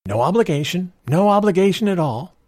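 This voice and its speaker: A man's voice: high-pitched, lively intonation, brisk, a little mellow, no room sound, studio quality, pitched above the performer's own voice. A man doing a flustered young salesman. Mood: nervous polite.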